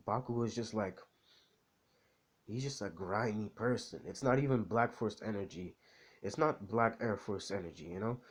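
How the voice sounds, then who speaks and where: A man's voice: on the low side, slightly rough. A man in casual chat, rambling in slangy speech with lots of fillers. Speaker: anime vlogger.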